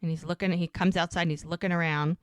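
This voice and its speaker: Chatty low-voiced woman, dry sound. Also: fairly even intonation, fast, no echo. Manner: chatty, retelling scenes with lots of "like" and "she goes". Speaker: podcast co-host. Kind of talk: casual recap of a TV episode.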